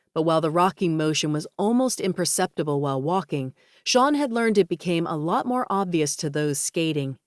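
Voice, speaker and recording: A woman reading a romance audiobook in a steady, even storytelling voice on a close studio mic. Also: sits low, no room sound. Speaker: audiobook narrator. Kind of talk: scripted narration.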